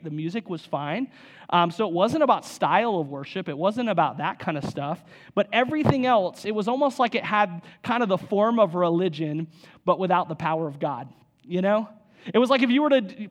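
A young adult man preaching a sermon as pastor, conversational with frequent asides. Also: sits high. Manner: casual, conversational, many "you know" asides.

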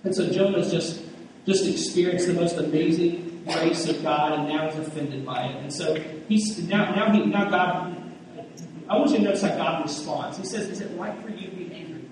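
A man's voice: high voice, moderate pace, darkish tone, far from the mic, slight background noise. A man preaching a conversational sermon, often restarting phrases and acting out the voices of the people in his story. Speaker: pastor. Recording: echoey hall, mic from afar.

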